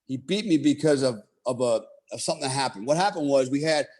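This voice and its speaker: A man's voice: medium pitch, expressive, fast, darkish tone. A man telling a long story in a casual way, swearing freely and saying "you know" and "right?" often. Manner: profane, laid-back, heavy on "you know" and "right?".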